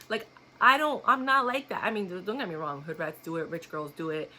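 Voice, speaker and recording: A woman's voice: fairly low pitch, fairly even intonation, brisk, sharp tone, a little hiss or hum. A woman vlogger telling a personal story in a blunt, outspoken way, laughing often. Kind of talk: casual storytelling to camera.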